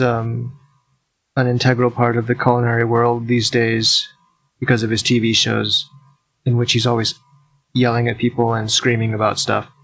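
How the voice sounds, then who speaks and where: A man's voice: mid-range voice, creaky, a bit bright, no room sound. A man hosting his own podcast, talking alone in a rambling, blunt, offhand way with casual swearing. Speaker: podcast host. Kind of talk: casual solo podcast monologue.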